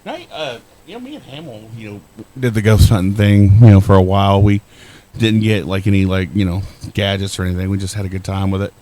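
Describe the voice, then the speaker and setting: Low-voiced man joking on a podcast. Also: animated, mellow, a little hiss or hum. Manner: joking, chiming in with quick reactions. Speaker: podcast co-host. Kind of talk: casual chat.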